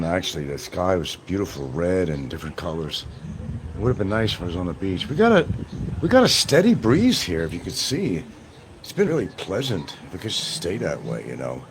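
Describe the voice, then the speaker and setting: A man's voice: low voice, big pitch swings, normal speed. A man hosting a live stream, chatting to his viewers in a rambling, meandering way. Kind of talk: rambling casual live chat. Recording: noisy ambient background.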